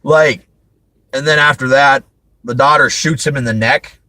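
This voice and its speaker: Brief: male host, mid-pitched, dry close sound, chatty and rambling, laughs a lot. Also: measured pace, sharp tone, no echo, low-quality recording. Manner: rambling, laughs often, frequent restarts. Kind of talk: casual movie review chat.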